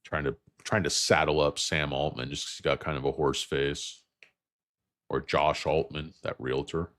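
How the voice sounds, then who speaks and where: A tired, hoarse-edged man in his fifties rambles through a livestream about stocks with a very deep, low voice. He jokes and drifts from tangent to tangent, recorded close and dry. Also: level tone, normal speed, a bit bright, no room sound. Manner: rambling, joking, tangent-prone. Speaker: host.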